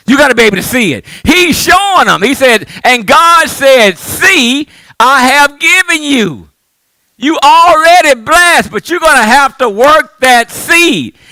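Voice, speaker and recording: A middle-aged man a sermon as pastor, calling for responses and swinging between loud shouts and hushed lines. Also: very high-pitched, no echo.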